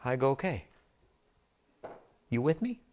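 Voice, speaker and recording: A man's voice: mid-range voice, big pitch swings, measured pace, a little mellow. A male pastor preaching a conversational sermon, calling out to the congregation to check they follow. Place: church sanctuary.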